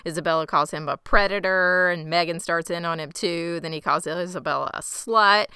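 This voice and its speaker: A woman's voice: lowish voice, normal speed, pushed and bright, clean tone, no echo, clean studio sound. A woman co-hosting a podcast, recapping a TV episode in casual chat with wry, sarcastic asides. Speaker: podcast co-host.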